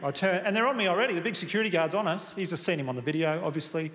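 A man's voice: high voice, very fast. Laconic Australian man on a stage mic. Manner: laconic, swearing, deadpan storytelling. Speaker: stand-up comedian. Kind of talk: stand-up comedy set. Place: large theatre stage. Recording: long hall reverb, audience noise. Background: audience laughter.

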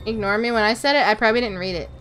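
A woman's voice: a little high, very fast, a bit bright, soft background music. A woman VTuber streaming a game, chatting casually with her chat, answering questions and swearing offhand. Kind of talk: casual livestream chat while gaming.

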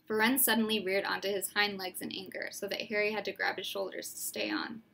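A woman narrating a storybook aloud in a steady, expressive way. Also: medium pitch, a little fast, creaky, few pauses. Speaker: reader.

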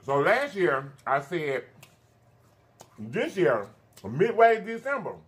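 A thirty-year-old man chats to his viewers while he eats, humming between bites. His voice sits a little high and swings widely in pitch. He drops in honey and baby as he talks. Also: big pitch swings. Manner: chatty, drawn-out "honey" and "baby" asides, hums while eating. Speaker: mukbang host. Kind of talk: casual eating-show chat.

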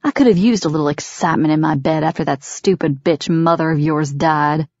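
A woman's voice: low voice, a little fast, darkish tone, no room sound. A woman reading as a fanatical, contemptuous middle-aged father, a villain in an audiobook who sneers and threatens. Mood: menacing. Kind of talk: audiobook character voice. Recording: dry, dull lo-fi recording.

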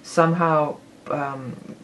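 A woman's voice: sits low, fairly even intonation, slow, a little hiss or hum, rough recording. A woman giving a casual tarot forecast, rambling and correcting herself as she goes, with the odd laugh. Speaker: tarot reader.

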